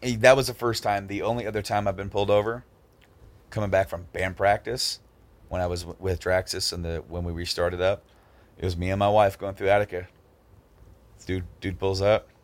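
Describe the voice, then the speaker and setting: A man speaking in a low-pitched, brisk voice tells a story during a laid-back podcast chat, animatedly playing the people in it.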